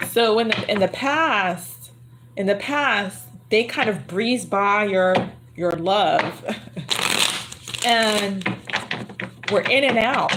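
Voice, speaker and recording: A woman's voice: mid-range voice, extremely slow, pauses often, noisy background. A woman giving a livestream tarot reading, chatty and murmuring to herself as she repeats her phrases. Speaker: tarot reader. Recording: card shuffling clearly audible.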